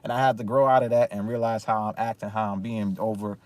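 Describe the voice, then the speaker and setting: A man's voice: fairly low pitch, steady tone, quick pace, no room sound. Emphatic man ranting, dry sound. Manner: emphatic, repetitive, frequent restarts. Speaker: commentary vlogger. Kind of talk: casual opinion rant.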